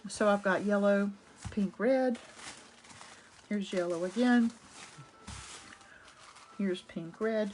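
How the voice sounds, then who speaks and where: A woman teaching a live painting and collage demo, chatty and enthusiastic, greeting viewers as she works, a little hoarse from a cough drop. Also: mid-range voice, slow, long pauses, a little mellow, slight background noise. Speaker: art instructor. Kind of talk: casual live craft demo. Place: home art studio.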